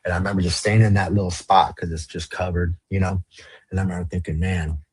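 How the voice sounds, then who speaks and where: A man's voice: low voice, level tone, fast talker, darkish tone, breathy edge, no echo. A man from the Los Angeles area, a podcast guest telling his story in casual, slang-heavy, profane talk. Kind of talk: storytelling interview.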